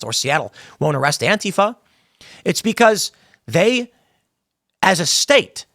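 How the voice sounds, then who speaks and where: A man's voice: on the high side, a bit bright, no room sound, studio quality. A man giving opinionated political commentary, emphatic, often stumbling over and repeating words.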